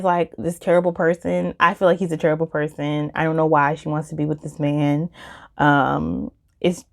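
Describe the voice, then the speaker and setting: A woman chatting casually about books she listened to, with lots of fillers and emphatic jumps in pitch. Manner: chatty and animated, many fillers like "like" and "um". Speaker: book vlogger. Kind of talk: casual book review chat.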